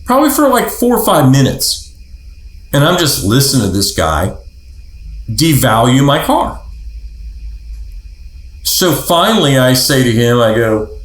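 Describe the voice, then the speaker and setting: A man's voice: medium pitch, unhurried, long pauses. A man hosting a podcast, telling a personal anecdote casually and acting out the people in it. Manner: animated, acts out the voices of people in his anecdotes. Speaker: podcast host. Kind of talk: casual storytelling. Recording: roomy echo.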